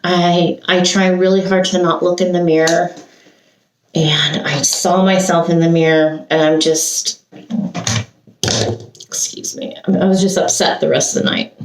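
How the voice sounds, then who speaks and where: An older woman chats as she gets ready, rambling and emotional, with sighs and restarts. Her voice sits a little low and moves slowly. She is picked up from a distance in a roomy space with faint noise behind her. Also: little pitch movement. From Santa Cruz, California. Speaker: vlogger. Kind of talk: get-ready-with-me chat. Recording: roomy echo, heard from a distance.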